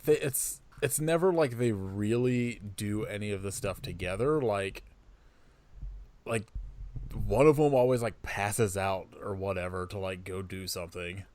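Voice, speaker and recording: A man's voice: lowish voice, unhurried, darkish tone. Blunt, sarcastic man podcast co-host. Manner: blunt, sarcastic, swears freely. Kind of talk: casual movie chat.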